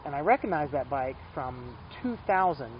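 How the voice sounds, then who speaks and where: A man's voice: mid-range voice, big pitch swings, normal speed, muffled recording, a little hiss or hum. A man from Texas giving a casual testimonial interview, talking with eager enthusiasm and rambling from one thought to the next. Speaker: shop customer and ambassador.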